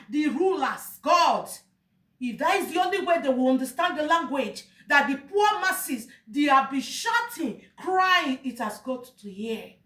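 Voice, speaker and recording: A woman's voice: high-pitched, a bit bright, recorded from a distance. A Nigerian woman giving an emotional, pleading monologue, crying out to God and lamenting. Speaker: vlogger. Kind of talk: impassioned monologue. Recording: echoey room, voice off-mic.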